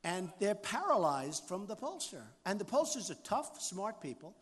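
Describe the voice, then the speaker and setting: A man's voice: high voice, very animated, normal speed, breathy edge. A man in his sixties giving a campaign rally speech, boastful and repetitive, riffing off the crowd. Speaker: political candidate. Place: large rally venue. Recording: long hall reverb, faint crowd noise.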